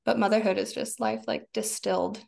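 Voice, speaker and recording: A woman's voice: mid-range voice, fairly even intonation, brisk, creaky, a little mellow. A woman in her thirties, a podcast guest, talking casually and expressively, laughing often and acting out her own inner voice. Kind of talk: casual conversation.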